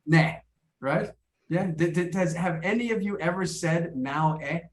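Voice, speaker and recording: A man's voice: high-pitched, unhurried. An American man teaching an English class over a video call, patient and encouraging, repeating words as he gathers his thoughts.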